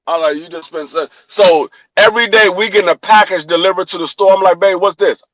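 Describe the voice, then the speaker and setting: A young man from Washington, D.C., with a high, light voice and D.C. accent, tells a long story on a podcast he co-hosts, acting out everyone's quoted lines and swearing plenty in casual chat. He talks fairly quickly with few pauses. The recording is close and dry, with no room sound and poor audio.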